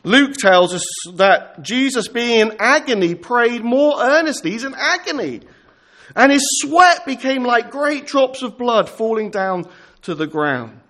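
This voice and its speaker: A man preaching an earnest pastoral sermon, slowing down to dwell on scripture quotations. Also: very high-pitched, animated, sharp tone.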